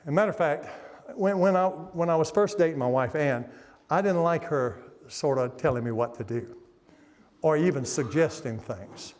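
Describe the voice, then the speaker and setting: A man's voice: on the high side, expressive, moderate pace, a little mellow, long reverb tail. An older man preaching a revival sermon, telling homey stories in a folksy way. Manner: folksy storytelling with laughs. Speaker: guest preacher. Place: church sanctuary.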